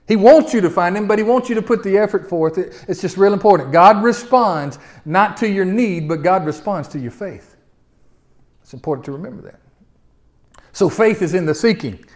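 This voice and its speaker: A man with a notably high-pitched voice preaches a sermon. He swings between loud, pressing exhortation and quiet, low musing. He calls on the congregation to repeat lines after him. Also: lively intonation, normal speed. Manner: repetitive, call-and-response delivery with stutter-starts. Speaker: pastor.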